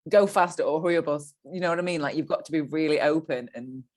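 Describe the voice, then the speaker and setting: A woman's voice: low voice, quick pace, darkish tone. A woman hosting a podcast, asking rambling, chatty questions full of fillers. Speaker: podcast host. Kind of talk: casual interview chat.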